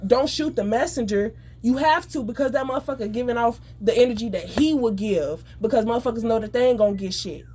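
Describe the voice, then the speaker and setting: A woman venting in an angry, profane, rapid rant. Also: on the high side, a little mellow, slight background noise. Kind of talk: emotional venting monologue.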